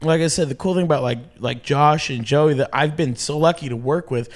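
Animated, swearing male comedian. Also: on the high side, fairly quick. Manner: animated storyteller, swears often, acts out quotes. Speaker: comedian guest. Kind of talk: casual podcast chat.

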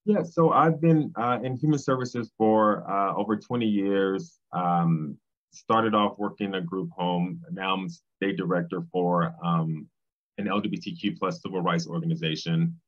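A man, speaking as a guest in an interview, thoughtful and pausing often with ums. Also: sits low. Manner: thoughtful, with frequent ums and restarts. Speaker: guest, civil rights state director. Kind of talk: casual interview conversation. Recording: slightly dull, lo-fi sound.

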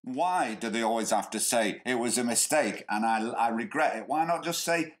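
Male podcast host, sarcastic ranting commentary, average-pitched voice. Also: lively intonation, moderate pace, few pauses. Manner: sarcastic, mocking put-on voices when quoting. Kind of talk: sweary satirical commentary.

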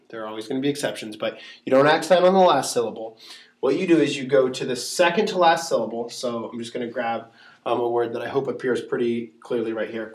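A man who teaches Latin, explaining pronunciation rules step by step with plenty of fillers, and he is a bit sick and clears his throat. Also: medium pitch, echoey room. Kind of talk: classroom-style lesson. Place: classroom.

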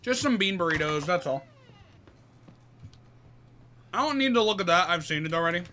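A man live-streaming a game talks casually to his chat, greets viewers by name and thinks aloud. His voice is high and very bright and sharp. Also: animated, normal speed, slight background noise.

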